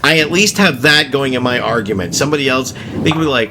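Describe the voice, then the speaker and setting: A man's voice: mid-range voice, expressive, fairly quick, hardly any pauses, noisy background. A man giving rambling, opinionated commentary while playing a video game, joking as he goes. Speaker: gaming video host. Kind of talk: casual gameplay commentary.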